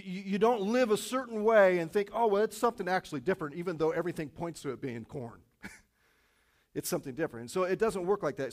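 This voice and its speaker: A man preaches to his church, slipping into a loose, animated story full of "you know" and "I mean". His voice sits a little high for a man. He moves from the tale into plain sermon teaching. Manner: animated storytelling with many fillers. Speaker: pastor. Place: church auditorium.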